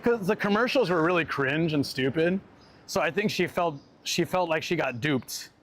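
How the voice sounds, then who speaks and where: Man, live streamer, fairly high voice, relaxed, rambling, laughs a lot. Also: normal speed, slight background noise. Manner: laid-back, rambling storyteller, laughs often. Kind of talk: casual live-stream chat while out and about.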